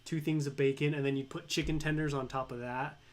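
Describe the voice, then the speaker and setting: A young adult man co-hosting a livestream, joking and telling stories in a relaxed, casual way. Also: fairly high pitch, a little fast. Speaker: livestream co-host.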